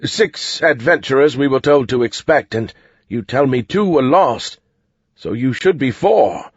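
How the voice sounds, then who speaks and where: A man's voice: mid-range voice, animated, a little slow, slightly rough, dry recording, dull audio, voice pushed up. A man voicing a nervous, formal herald soldier in an audiobook.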